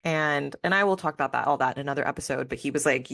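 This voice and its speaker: Low-voiced woman hosting a candid spiritual podcast. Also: rapid-fire, vocal fry, few pauses, a bit bright, no room sound. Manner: candid and emotional, many fillers like "like" and "man". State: near tears at times. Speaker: podcast host. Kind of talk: personal spiritual podcast monologue.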